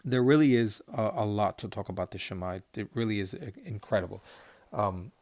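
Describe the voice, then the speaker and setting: A man teaching Torah cantillation, slowly chanting Hebrew words and then explaining them in a patient, step-by-step way. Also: fairly low pitch, a little mellow, no echo.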